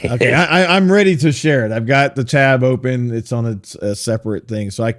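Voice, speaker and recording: A man co-hosting a podcast in casual chat, relaxed and matter-of-fact. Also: medium pitch, a little fast, dry recording, clean studio sound. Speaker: podcast co-host.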